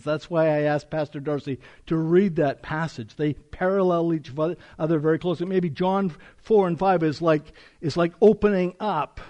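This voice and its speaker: A man's voice: on the high side, darkish tone, highs cut off. A man preaching an expository sermon as a pastor, reading scripture aloud with emphasis and explaining it to a congregation.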